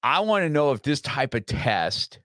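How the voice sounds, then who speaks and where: A middle-aged man hosting an interview in a brash, animated, direct way. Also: medium pitch, moderate pace, dry recording, clean studio sound. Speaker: podcast host. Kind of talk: conversational interview.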